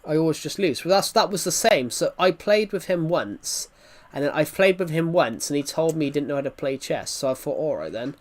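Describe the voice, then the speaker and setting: A man's voice: a little high, a little fast, hardly any pauses. A man, a gaming streamer, telling a story in casual chat with rambling restarts.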